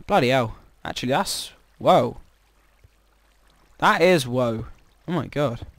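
A man's voice: mid-range voice, expressive, slow pace, fairly bright tone, no room sound. A man with a chatty, jokey manner, commenting casually on his own gameplay as a let's-play host and reacting with startled exclamations.

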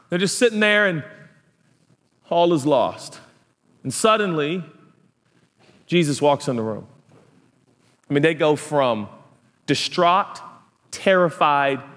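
A man preaching a sermon as a pastor, telling the story in an animated way, acting out voices and swinging from hushed to loud. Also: a little high, in a large hall.

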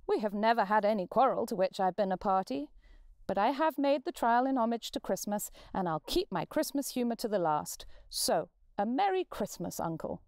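Woman playing a bright, pleading young nephew, lilting and high, storybook. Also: very animated, normal speed, no room sound, clean studio sound. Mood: earnest pleading. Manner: pleading, warm-hearted. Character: cheerful earnest young man, hopeful nephew.

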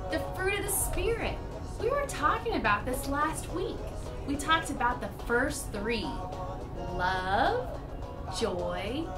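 A woman presenting a children's church lesson, talking in a lively, exaggerated storytelling way and acting out her frustration. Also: high voice, distant mic.

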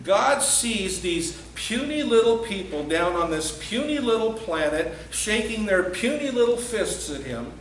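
A man's voice: sits high, big pitch swings, unhurried, few pauses, fairly bright tone. A male pastor preaching a sermon in an earnest, emphatic way, now and then acting out the voices he quotes. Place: church sanctuary. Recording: echoey church hall, mic at a distance.

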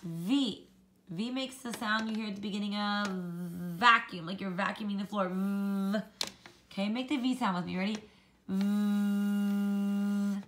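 A woman teaching a children's phonics lesson, slowly modelling letter sounds and encouraging the kids to copy her. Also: medium pitch, pushed and bright, slight background noise.

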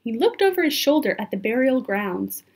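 Breathy woman reading a storybook aloud. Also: fairly high pitch, normal speed. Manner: expressive, chats to the listener. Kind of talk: children's book read-aloud.

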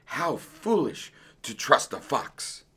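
A man's voice: medium pitch, big pitch swings, a little slow, fairly bright tone, breathy edge, pitched above the performer's own voice, full character voice. A man voicing a small, brave male mouse dentist who speaks firmly and carefully. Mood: worried. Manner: firm, careful.

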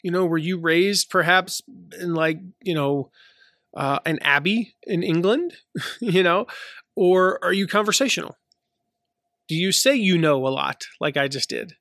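A man's voice: sits high, a little slow, a bit bright, dry recording, studio quality. A man in his thirties from the American South, with a light Southern accent, hosting a casual solo podcast, chatty and full of fillers and restarts. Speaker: podcast host.

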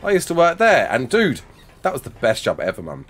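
Male streamer, 30s, lively swooping pitch, chatty and excitable, reads chat aloud mid-game. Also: fairly quick. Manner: animated, reacts to chat with laughs and outbursts. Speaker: livestreamer. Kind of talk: casual livestream chat while playing.

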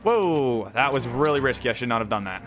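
A young man hosting a gaming channel, excitedly narrating his own gameplay and reacting out loud to every shot. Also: mid-range voice, fairly quick, music in the background. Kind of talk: live gameplay commentary.

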